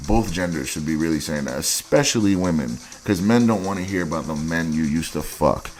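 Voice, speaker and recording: A man's voice: low voice, animated, brisk, darkish tone, slight background noise. A man hosting a dating advice show, giving blunt, crude and mocking commentary on dating profiles.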